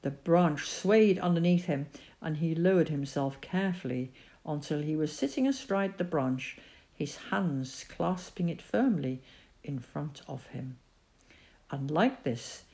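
A woman narrating a children's story in a calm, measured reading voice. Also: low-pitched.

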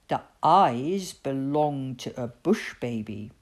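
A woman reading a children's picture book aloud, expressive and dramatic with pauses. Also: rumbling low, slightly rough. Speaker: storyteller.

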